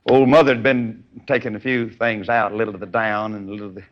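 A man preaching, telling a folksy animal story with animated delivery. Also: on the low side, quick pace, lo-fi sound. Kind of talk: sermon storytelling.

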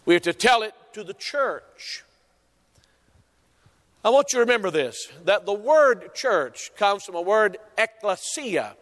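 A man delivers a sermon, pressing his points through repetition and slow, weighted emphasis. His voice sits high for a man. The sound carries a long hall reverb, as from a church sanctuary. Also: very animated, fairly bright tone. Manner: emphatic preaching with repeated phrases and drawn-out stresses. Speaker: pastor.

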